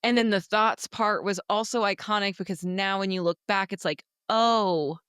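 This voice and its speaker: A woman's voice: mid-range voice, normal speed, a bit bright, clear, resonant tone, no room sound, clean studio sound. A woman co-hosting a casual book podcast, talking animatedly, swearing freely and acting out characters' lines. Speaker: podcast co-host.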